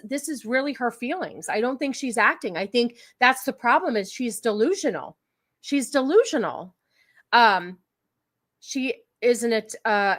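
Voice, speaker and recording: A woman's voice: fairly high pitch, fairly bright tone. A woman hosting a casual livestream podcast, talking in a sarcastic, mocking way and laughing often. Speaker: podcast host.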